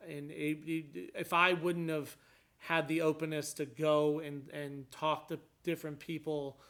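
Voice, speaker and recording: A man's voice: a little high, level tone, measured pace, a bit bright. A man talking casually in a conversation, explaining his views with frequent restarts and rising emphasis. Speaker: guest describing his court hearing.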